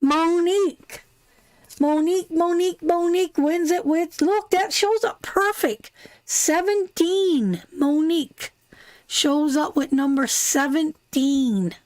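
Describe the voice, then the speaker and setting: Chatty high-voiced woman, tarot live host. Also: slow pace, darkish tone, no echo. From Canada. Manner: chatty and rambling, calls viewers darling and sweetheart. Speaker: tarot reader hosting a live stream. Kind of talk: casual live-stream chat.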